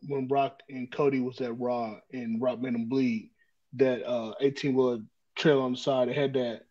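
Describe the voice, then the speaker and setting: A man's voice: medium pitch, little pitch movement, normal speed, a little mellow, muffled recording. A man co-hosting a casual wrestling chat, building his points step by step as he explains.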